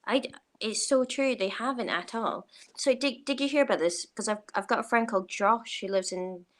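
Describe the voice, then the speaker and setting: A woman in her thirties from Romania with a Scottish accent, a chatty, animated guest in a casual interview. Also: on the high side, normal speed. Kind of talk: casual chat.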